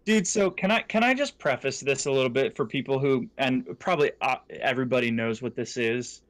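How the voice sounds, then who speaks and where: A young man co-hosting a casual podcast, playful and teasing, quick to jump into the conversation. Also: medium pitch. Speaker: podcast co-host.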